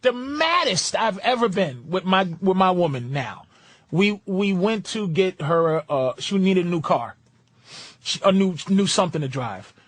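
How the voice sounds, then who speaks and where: A man on an uncensored radio show, animated and profane as he preaches his opinions. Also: high-pitched, measured pace, no room sound. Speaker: radio show comedian guest.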